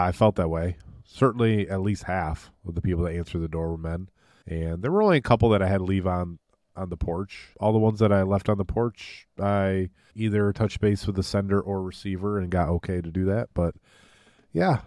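Deep-voiced michigan guy, laid back, answering questions on a pod, dry mic. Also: brisk, darkish tone, dry recording. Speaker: podcast co-host. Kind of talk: casual chat.

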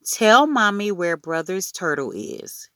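A woman voicing a frantic, doting mother who talks in a shrill, pleading way, in a storybook reading. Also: very animated, takes it slowly, sharp tone, dry recording, studio quality, exaggerated voice. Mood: exasperated.

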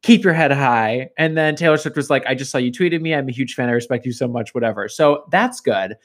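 A man co-hosting a casual chat podcast over a video call, telling gossip in an animated way with frequent laughter. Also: medium pitch, fast. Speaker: podcast co-host.

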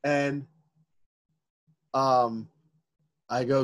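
A man in his thirties co-hosting a casual podcast, telling a story at a slow, unhurried pace. He acts out the things he said and sometimes bursts into shouting. His voice sits at an ordinary pitch and sounds dry and close to the mic. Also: no echo. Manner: animated, acts out quotes with sudden shouting. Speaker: podcast co-host.

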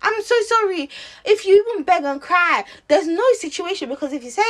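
A woman's voice: sits high, lively intonation, fairly quick, fairly bright tone. A young woman vlogging, giving an impassioned opinion with rhetorical questions and frequent restarts. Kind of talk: opinionated to-camera rant.

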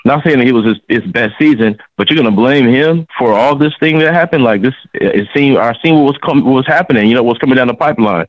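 A man's voice: medium pitch, fast talker, hardly any pauses, no room sound, muffled recording. A man, a guest, ranting heatedly and swearing a lot in casual sports talk on a podcast. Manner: fired-up, ranting, heavy swearing. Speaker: guest commentator.

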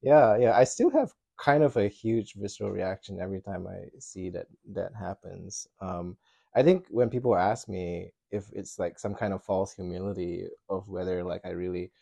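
A man with a very low, gravelly and husky voice talks about his experiences, pausing to search for words and laughing now and then. The sound is dry and close. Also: mellow, dry recording. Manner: reflective, hesitant, laughs often. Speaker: podcast guest, dancer. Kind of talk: casual chat.

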